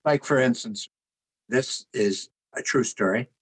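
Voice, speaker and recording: Older man, husky, unhurried anecdotal interview guest. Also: medium pitch, low-quality recording. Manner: relaxed anecdotal, chuckles at his own jokes. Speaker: author and artist guest. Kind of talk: conversational interview storytelling.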